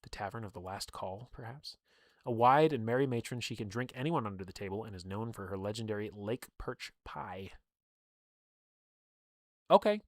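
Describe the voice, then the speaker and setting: A man's voice: lowish voice, moderate pace, long pauses, dry recording, clean studio sound. A young man casually reading through a game book on a livestream, breaking off for chatty asides and laughs.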